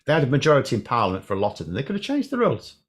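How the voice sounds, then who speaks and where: A man's voice: mid-range voice, wildly swooping pitch, racing. Argumentative man co-hosting politics chat. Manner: argumentative, explaining, emphatic. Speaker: podcast co-host, former teacher.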